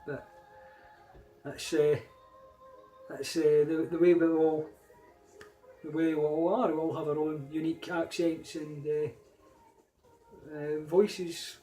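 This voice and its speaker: A man's voice: a little high, flat delivery, slow pace, long pauses, mellow, faint music behind, rough recording. A man with a Scottish accent talking casually in a rambling solo vlog, full of fillers and restarts. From Scotland. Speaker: vlogger.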